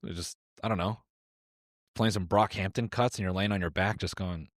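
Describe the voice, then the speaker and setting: A man's voice: sits low, steady tone, brisk, faint music behind. A man giving comedic commentary, cracking sarcastic jokes between reading posts aloud. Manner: joking, sarcastic asides.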